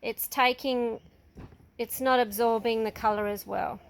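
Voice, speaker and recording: A woman's voice: fairly high pitch, steady tone, measured pace, gravelly, slight background noise. A woman teaching a casual ceramics workshop, patiently explaining each step while guiding children as they paint. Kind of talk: casual hands-on demonstration.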